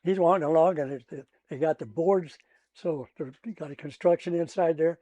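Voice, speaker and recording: An older man with a Midwestern American accent, a retired trial lawyer telling courtroom stories in a casual interview, laughing often and acting out his own shouting. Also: on the high side, moderate pace, dry recording.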